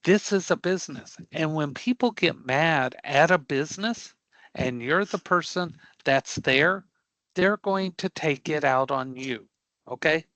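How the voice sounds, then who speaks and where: A man leads an online career class in a bright, somewhat high voice that sounds close and dry. He is blunt and emphatic, brushing off angry customers as no big deal and checking in with the class again and again. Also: a little slow, no echo, low-quality recording. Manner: emphatic, checks in with frequent rhetorical questions. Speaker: career prep instructor. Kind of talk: live online class lecture.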